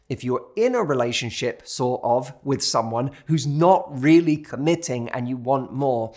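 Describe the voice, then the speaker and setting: British man coaching, with soft music. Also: medium pitch. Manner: storytelling, acts out quoted waiters. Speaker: dating coach. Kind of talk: direct-to-camera advice talk.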